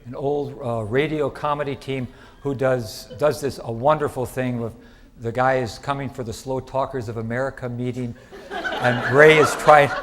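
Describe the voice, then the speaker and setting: A middle-aged man giving a conference lecture in a lively, chatty way, asking the audience questions. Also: medium pitch. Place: lecture hall.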